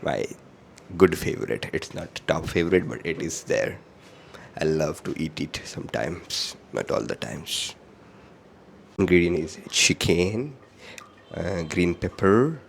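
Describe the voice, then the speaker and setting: A man's voice: low voice, vocal fry, a little hiss or hum. A young man, a Bengali speaker, chatting playfully while he cooks, joking with himself between steps. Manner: playful and self-amused, joking asides. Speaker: home cook vlogger. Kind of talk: casual cooking narration.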